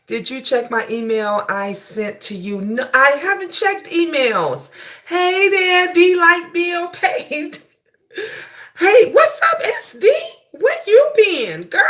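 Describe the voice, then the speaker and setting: A middle-aged woman hosting a casual livestream from her bathroom, greeting chatters excitedly, laughing often and bantering in slang. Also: extremely high pitch. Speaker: livestream host. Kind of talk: casual live chat reading comments.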